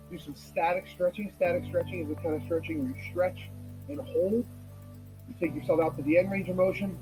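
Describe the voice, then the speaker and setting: A woman fitness instructor calmly explaining and guiding a stretching cool-down. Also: fairly low pitch, rough recording.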